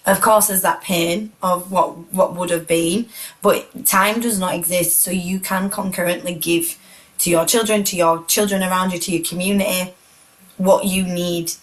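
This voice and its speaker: A woman's voice: on the low side, low-quality recording. A woman, emotional and close to tears, talking earnestly and reflectively as a guest in a heartfelt conversation.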